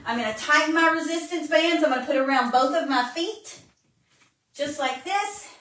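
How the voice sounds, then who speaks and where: A woman's voice: high voice, moderate pace, a bit bright. A woman fitness instructor demonstrating modified exercises live, out of breath as she coaches and counts reps. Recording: roomy, distant phone-camera sound.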